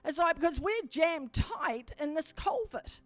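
A woman giving a sermon testimony, telling her story with animated storytelling that builds into fervent exhortation. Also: high voice, unhurried, no room sound, clean studio sound, soft background music. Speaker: preacher.

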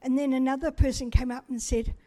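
This is a personal testimony from a middle-aged New Zealander whose voice sits somewhat high, with fairly even intonation. She tells her story in a chatty, self-mocking, warm way, slipping in quick bits of quoted speech.

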